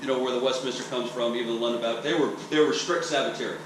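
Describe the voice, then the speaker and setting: A man's voice: mid-range voice, racing. A preacher from Texas giving a teaching sermon in a conversational, explanatory way, often checking in with "okay?" and restarting his sentences. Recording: roomy echo, distant mic, faint hiss.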